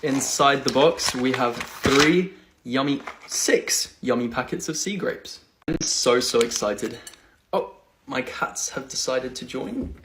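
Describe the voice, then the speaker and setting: A man talking in a casual, excitable vlog style, filming himself on a phone at home and out at a farm. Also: takes it slowly, noisy background. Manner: chatty and excitable, coos high at animals. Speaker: vlogger.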